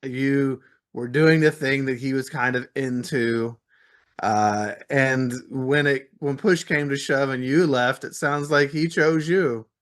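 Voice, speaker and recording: A man hosting a podcast interview, asking measured questions and murmuring soft agreement. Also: mid-range voice, fairly even intonation. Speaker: podcast host. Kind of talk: interview conversation.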